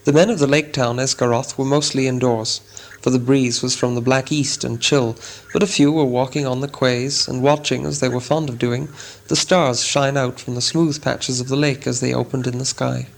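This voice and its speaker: Guy reading a storybook aloud, middle pitch, measured and dramatic. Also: fairly even intonation, gravelly, rough recording. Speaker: audiobook narrator. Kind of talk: scripted narration.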